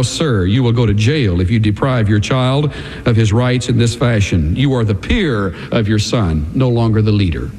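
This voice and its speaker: A male pastor delivering a sermon, preaching dramatically with sweeping swings of pitch and emphatic pauses. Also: a little mellow, long reverb tail.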